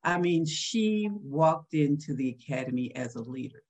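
Woman in her sixties, husky, reflective storyteller, interview guest. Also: deep voice, lively intonation, normal speed, darkish tone.

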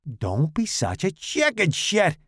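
A man's voice: high voice, huge pitch swings, takes it slowly, breathy edge, dry recording, studio quality, pitched above the performer's own voice, exaggerated voice. A man doing a brash crude young bully. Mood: mocking. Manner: loud, mocking, swaggering.

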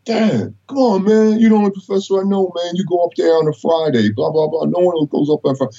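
A man's voice: sits high, fairly even intonation, a little fast, warm tone, muffled recording, pitched above the performer's own voice. A man voicing his grown daughters teasing their father in an exasperated tone.

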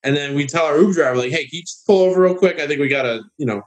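Animated man telling a story. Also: very fast. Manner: animated storyteller, mimics others in high voices. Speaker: guest. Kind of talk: casual podcast storytelling.

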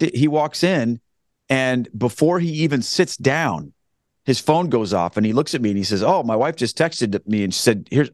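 A man's voice: mid-range voice, no room sound, studio quality. Earnest man rambling through a testimony. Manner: earnest, rambling with frequent restarts. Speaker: guest telling his conversion story. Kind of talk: casual spoken testimony.

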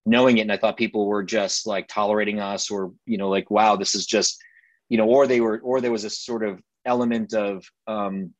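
A man answering in an interview, halting and full of fillers and restarts. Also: fairly low pitch, fairly even intonation, no echo. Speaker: podcast guest. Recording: dull muffled audio.

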